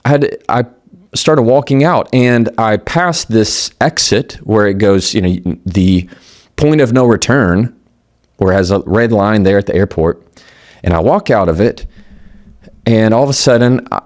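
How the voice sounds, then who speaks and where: A man with a fairly low voice speaks in a motivational talk. His pitch rises and falls a lot as he acts out the people in his story. He talks in a loose, conversational way and often starts a sentence over. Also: normal speed. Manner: conversational, animated, with quoted dialogue and restarts. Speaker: attorney and communication speaker.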